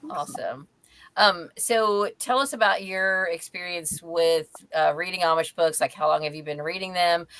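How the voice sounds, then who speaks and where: Chatty low-voiced woman hosting a call. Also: moderate pace, fairly bright tone, no echo. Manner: chatty, frequent ums, laughs easily. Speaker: host of a live reading chat. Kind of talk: casual chat. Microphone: video call.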